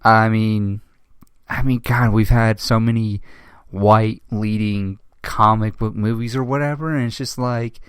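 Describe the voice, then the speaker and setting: A young man hosting a casual commentary, speaking with emotion, halting often with restarts and swearing. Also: lowish voice, fairly even intonation, clear, resonant tone, dry recording, studio quality. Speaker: host.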